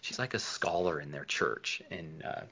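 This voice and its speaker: A man telling an anecdote in a lively way, acting out the people he quotes. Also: low-pitched, moderate pace. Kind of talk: storytelling anecdote. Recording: dull lo-fi recording.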